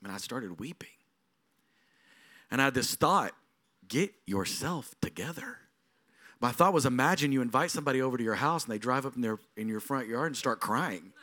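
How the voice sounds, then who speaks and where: A middle-aged man, a lead pastor, preaching a sermon in a storytelling way that moves from quiet moments to emphatic passages. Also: mid-range voice, quick pace.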